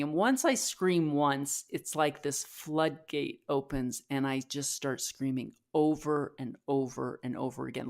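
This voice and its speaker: A woman's voice: very deep voice, gravelly. A woman co-hosting a podcast, candidly retelling a personal emotional experience with lots of fillers and restarts. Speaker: podcast co-host. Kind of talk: personal storytelling.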